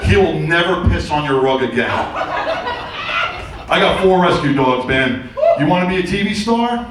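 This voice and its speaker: A man's voice: on the high side, expressive, normal speed. A middle-aged man performing a stand-up comedy routine on a theater stage, telling loose, rambling stories with crude punchlines. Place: theater stage before a live audience. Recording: very echoey, distant room sound with faint noise.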